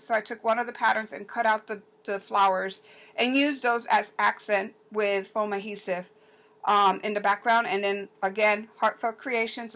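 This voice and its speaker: A woman talks through her handmade album in a loose show-and-tell way, pausing on ums and circling back over her words. Her voice sits a little high and sounds bright and lively. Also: rough recording. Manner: chatty and halting, with many ums and restarts. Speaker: paper crafter showing an album. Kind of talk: casual show-and-tell crafting video.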